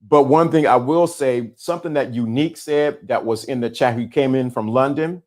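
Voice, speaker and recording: A man's voice: medium pitch, normal speed, a little mellow. A middle-aged man hosting a live-streamed talk, speaking with emphatic repetition and a preacher-like cadence. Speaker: host.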